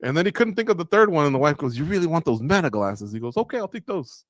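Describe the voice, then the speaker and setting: Animated male sports radio co-host. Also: fairly high pitch, rapid-fire, no echo. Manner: animated storytelling, acts out quotes, laughs at own jokes. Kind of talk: casual sports chat. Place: studio.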